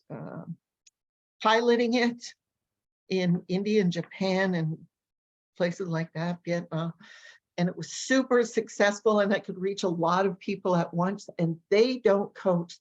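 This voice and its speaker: Animated woman coach on a lo-fi call. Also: on the low side. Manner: animated, energetic storyteller who acts out voices. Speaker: language coach and educator. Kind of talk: casual interview talk, telling stories.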